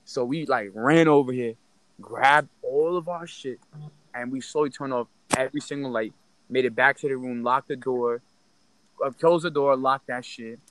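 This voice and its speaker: A young man telling a story in casual chat, in an animated, slang-heavy way. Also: mid-range voice, moderate pace, slight background noise.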